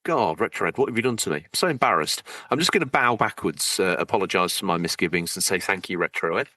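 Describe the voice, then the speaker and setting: A man's voice: sits low, expressive, fast, bright, forceful tone, dry recording. A man co-hosting a podcast, teasing and rambling playfully as he reads out supporter thanks. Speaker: podcast co-host. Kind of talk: casual banter, reading out supporter thanks.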